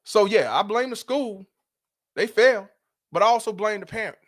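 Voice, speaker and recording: A middle-aged man with a somewhat high-pitched voice, hosting a live commentary stream. He talks bluntly and emphatically, swearing freely as he presses his points. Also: lively intonation, normal speed. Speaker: host. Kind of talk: livestream commentary rant.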